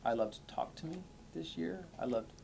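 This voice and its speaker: A man's voice: a little high, animated, moderate pace, creaky, a little mellow, slight background noise. Emphatic man podcast co-host. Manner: emphatic, playful, argumentative. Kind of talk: casual chat.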